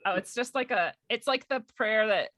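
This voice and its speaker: A young woman recounts a personal story in casual conversation. Her voice is bright and forceful, and the sound is dry with no room around it. She laughs often and acts out the voices of the people she quotes. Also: fairly high pitch, normal speed, dry recording. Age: young adult. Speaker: guest.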